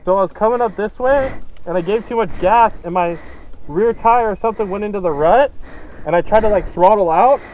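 A man's voice: sits high, a little fast, narrow, tinny audio, a little hiss or hum. Teasing man on a dirt trail. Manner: teasing, laughs while retelling. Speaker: riding partner. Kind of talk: casual chat on the trail.

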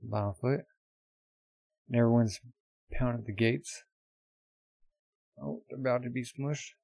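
Male reactor, mid-pitched, dry close mic, narrates comic panels in quick fragments. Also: steady tone, creaky, mellow, no echo. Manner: describes panels in short bursts with gasps. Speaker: manga reaction streamer.

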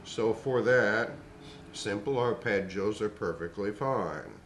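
An older man in his sixties gives a singing lesson, talking slowly in a measured, explanatory way. His voice sits a little low, and the room around him rings with echo. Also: fairly bright tone, slight background noise. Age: 60s. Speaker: voice teacher.

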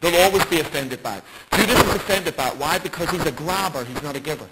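A man's voice: on the high side, lively intonation, fast. A man preaching a bible study sermon in an emphatic way, with rhetorical questions. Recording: loud background noise.

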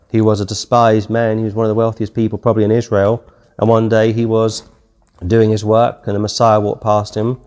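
A man with a lowish, slightly mellow voice and a British accent works through a Bible passage verse by verse. His manner is easygoing and conversational, and he reads the King James scripture aloud.

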